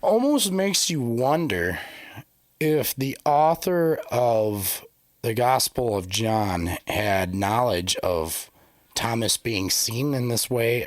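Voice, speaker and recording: A man's voice: medium pitch, dry recording, studio quality. A man co-hosting a casual podcast, reading scripture passages aloud and then musing and joking about them. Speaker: podcast co-host. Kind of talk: casual religious discussion podcast.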